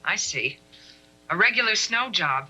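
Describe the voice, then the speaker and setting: A woman's voice: medium pitch, expressive, unhurried, bright, forceful tone, husky, full character voice, rough recording. An actress playing a dry, sarcastic young woman who trades wisecracks in a 1970s film drama. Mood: sardonic.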